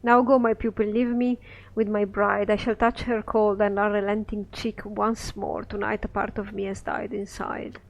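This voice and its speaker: A man reading a scripted play aloud, voicing an ancient lonely wizard who speaks in solemn, measured rhyming verse. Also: high voice, little pitch movement, gravelly, poor audio. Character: ancient lonely male wizard, cold and sorrowful.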